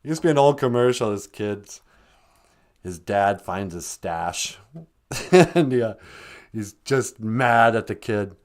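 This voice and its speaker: A man's voice: lowish voice, expressive, takes it slowly, pauses often. A man co-hosting a podcast in casual chat, joking and slipping into put-on voices. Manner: jokey, breaks into put-on voices. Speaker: podcast co-host.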